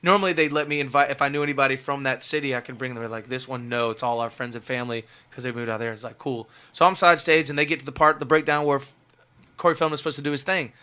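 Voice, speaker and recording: A man's voice: medium pitch, fairly even intonation, fast talker, sharp tone, clean tone. A man, a musician guest on a radio show, telling a story casually and animatedly, full of fillers and laughter.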